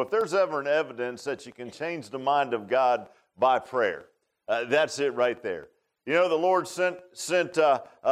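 A middle-aged man preaching a sermon in a folksy, conversational way, full of "uh" fillers and restarts. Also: medium pitch. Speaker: pastor. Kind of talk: sermon with opening prayer.

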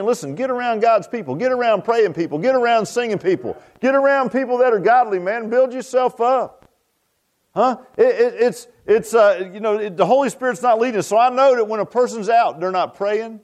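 A man preaching a Baptist sermon in a folksy, animated way, often stammering and restarting. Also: medium pitch. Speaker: Baptist pastor.

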